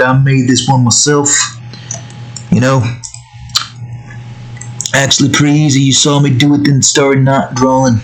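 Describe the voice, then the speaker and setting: A young man narrating his digital painting in a loose, rambling way. He mutters to himself as he works, and his voice sits at an ordinary middle pitch. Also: flat delivery, normal speed, pauses often, low-quality recording. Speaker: digital artist. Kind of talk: casual narration while drawing.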